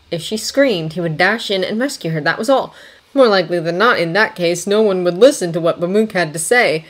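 A woman reading fanfiction aloud as an audiobook, in a steady, lightly dry storytelling manner. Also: fairly low pitch. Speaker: fanfiction reader. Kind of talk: audiobook narration.

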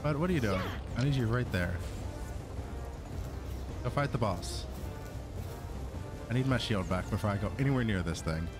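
Animated gamer man, exasperated commentary. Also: fairly low pitch, normal speed, pauses often, over music. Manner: exasperated, talks to his creature. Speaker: gaming YouTuber. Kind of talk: Let's Play commentary.

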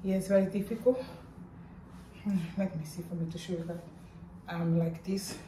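A middle-aged woman vlogging casually in while in pain after surgery, talking in a strained, halting way with groans. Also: fairly low pitch, fairly even intonation, recorded from a distance, noisy background. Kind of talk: casual vlog. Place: hospital room. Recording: echoey room, voice off-mic at times.

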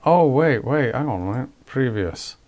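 Brief: man, gaming video host, talks to himself, muttering and self-mocking, mid-pitched voice. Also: expressive, normal speed, a little mellow. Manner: rambling, self-mocking, talks to himself while clicking menus. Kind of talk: casual gameplay commentary.

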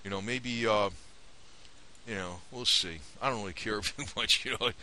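A man's voice: on the low side, moderate pace, sharp tone, slight background noise. A man ranting casually to camera about a TV show, rambling, indignant and conspiratorial. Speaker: vlogger. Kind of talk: casual opinion rant to camera.

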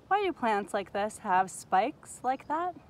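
A woman's voice: a little high, big pitch swings, takes it slowly. A woman giving an outdoor nature lesson to children on a forest trail. She asks the viewers curious questions, recorded on a handheld phone. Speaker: teacher.

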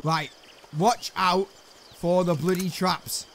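An English man giving excitable, swearing let's play commentary to himself while he plays, with game music behind him. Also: sits high, a little slow, long pauses. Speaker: gameplay commentator.

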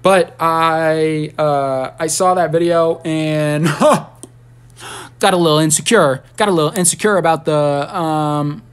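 A man ranting on a casual livestream, rambling and profane, with sudden high squeals and shouts. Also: slow pace, clear, resonant tone.

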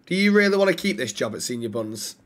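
A man streaming game roleplay as a restaurant manager, animated and swearing. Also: medium pitch, fast. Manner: animated, swearing, mock-stern.

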